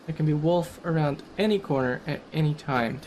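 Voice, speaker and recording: A man's voice: on the high side, moderate pace, a little mellow, a little hiss or hum. A man giving casual, rambling commentary over a survival game, chatty and self-deprecating.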